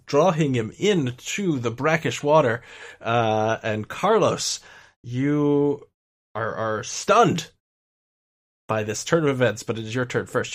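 A man's voice: medium pitch, a bit bright. Hesitant man running a tabletop game. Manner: hesitant, many pauses, chuckling. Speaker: game master.

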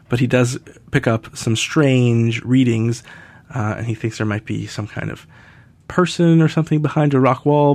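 This is a man of medium pitch, recorded dry, hosting a casual podcast. He's chatty and laughs often, acting out the characters' lines as he recaps an episode.

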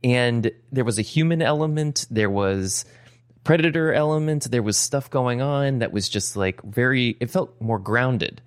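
A man's voice: mid-range voice, measured pace, clean tone, no room sound, studio quality. A man co-hosting a podcast, chatting casually with hesitant restarts. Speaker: podcast co-host. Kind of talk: casual chat.

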